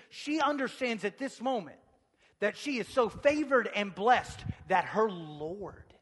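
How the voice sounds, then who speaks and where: A man preaching a sermon, swinging from hushed near-whispers to shouted passages. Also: high-pitched, expressive, measured pace, slightly rough, long reverb tail.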